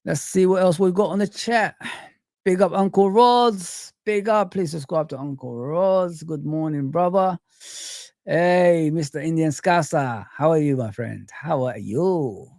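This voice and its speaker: Guy hosting a live stream, raspy fry in his voice, bit high, dry sound, chatty and upbeat. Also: unhurried, dry recording. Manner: lively, chatty, reads out and greets chat. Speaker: livestream host. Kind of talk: casual live chat.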